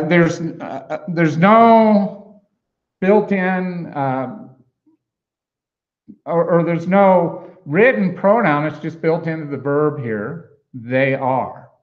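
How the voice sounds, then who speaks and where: Heard through dull audio, a pastor with a slightly high voice delivers an expository sermon in a conversational manner. As he works through the grammar, he often uses fillers and starts over.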